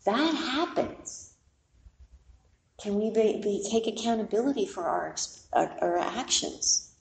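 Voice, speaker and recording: Gravelly-voiced woman giving a dharma talk. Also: medium pitch, expressive, takes it slowly, darkish tone, reverberant. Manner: conversational, plainspoken, with candid asides. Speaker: meditation teacher.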